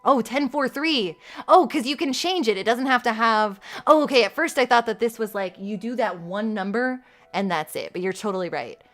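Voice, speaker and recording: A woman streaming a mystery game live, reacting excitedly, gasping and swearing as she talks to her chat. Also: mid-range voice, fairly quick. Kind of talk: live gameplay commentary.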